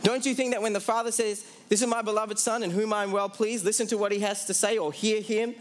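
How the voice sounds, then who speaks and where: Emphatic high-voiced male preacher. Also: level tone, slight background noise. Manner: emphatic preaching, slows down for key phrases; asks the audience questions, then answers them. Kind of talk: sermon.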